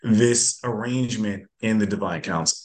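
A man's voice: fairly low pitch, normal speed. A male guest author explaining in casual talk, with plenty of fillers and restarts. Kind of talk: casual chat.

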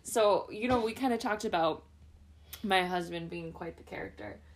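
A woman co-hosting a casual podcast, telling animated stories and laughing through them. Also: medium pitch, moderate pace. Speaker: podcast co-host. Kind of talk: casual chat, storytelling.

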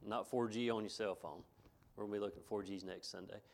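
A man's voice: lowish voice, steady tone, quick pace, vocal fry. A middle-aged pastor, preaching a folksy sermon to his congregation, repeating himself and chuckling between points.

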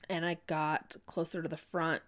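A woman with a low voice and level tone tells a heartfelt personal faith story. She speaks earnestly and haltingly, with plenty of restarts and fillers like "you know."

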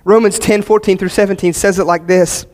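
A male pastor preaching a sermon, earnest, repeating key phrases and swinging from emphatic peaks to quiet, low passages. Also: fairly even intonation, a little fast.

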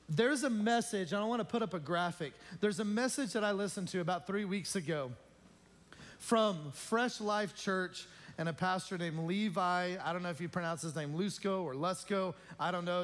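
Man, pastor, high voice, joking, chatty, asks the congregation questions, church sanctuary. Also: fairly bright tone. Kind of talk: informal church announcements.

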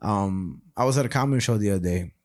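A man's voice: fairly low pitch, quick pace, no room sound, studio quality. A young man co-hosting a podcast, telling rambling stories in a casual, profane way. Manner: rambling, profane, animated storytelling. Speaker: podcast co-host.

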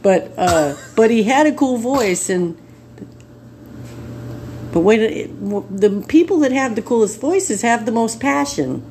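A woman's voice: on the high side, expressive, a little slow, darkish tone, slight background noise. A woman hosting a casual podcast chat, chatty, laughing often and agreeing a lot. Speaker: podcast host.

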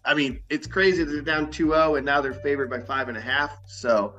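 A man's voice: on the high side, steady tone, fairly quick, sharp tone, muffled recording. A man co-hosting a casual sports betting podcast, easygoing and laughing along. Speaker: podcast co-host.

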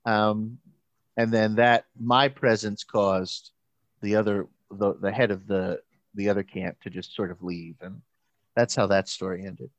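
A man, a pastor and camp counselor, telling a story in casual chat, animated and halting, with many restarts and quoted voices. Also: fairly low pitch, no echo, dull audio.

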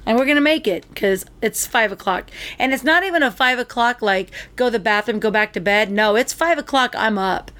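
Woman co-host, slightly high pitch, animated storyteller, casual chat. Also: a little fast, hardly any pauses. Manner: animated storyteller, acts out quotes.

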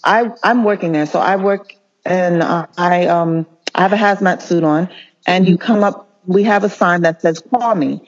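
A male nurse speaking as an interview guest, earnest and impassioned, often halting and restarting mid-sentence. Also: sits high. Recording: muffled lo-fi audio.

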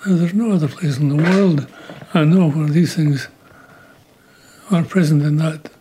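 A Scottish man in his eighties, enthusiastic and halting, interviewed at home. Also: fairly high pitch, dark tone. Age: 80s. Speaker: palaeontologist interviewee. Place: his house. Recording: faint background noise.

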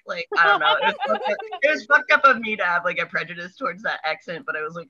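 Co-host type from Kansas, very bright and cutting tone, crude joker, dull lo-fi sound. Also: mid-range voice, steady tone, fast talker, few pauses. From northeastern Kansas, USA. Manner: crude, joking storyteller. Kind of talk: casual chat. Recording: dull lo-fi recording.

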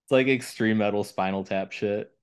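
A man hosting a podcast, asking relaxed, unhurried interview questions. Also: lowish voice, smooth. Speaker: podcast host. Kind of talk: casual interview chat.

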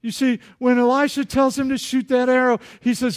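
Animated male pastor with a high voice, preaching a lively sermon. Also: moderate pace, few pauses. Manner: animated, acts out dialogue, jokes with congregation.

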